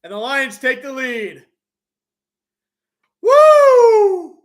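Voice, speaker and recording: A man with a high voice calls a football game as a fan on his own live stream. He narrates each play in casual play-by-play and breaks into loud cheers when his team scores. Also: normal speed. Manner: excitable, bursts into loud cheers.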